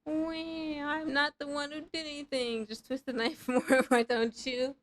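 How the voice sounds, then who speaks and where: A woman's voice: high-pitched, level tone, measured pace, low-quality recording. A woman in her thirties chatting casually with her live chat while playing a game, rambling and swearing freely in self-mocking banter. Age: 30s. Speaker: streamer.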